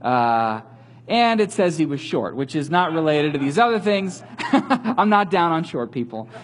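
A man giving a sermon as a pastor, telling the story in a conversational, animated way with light humor. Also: a little high, measured pace, a little hiss or hum.

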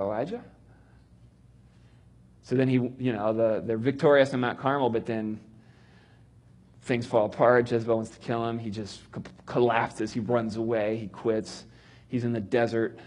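Middle-aged male Bible teacher, husky, animated, acts out the quotes. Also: mid-range voice. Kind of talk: animated teaching on reading Scripture.

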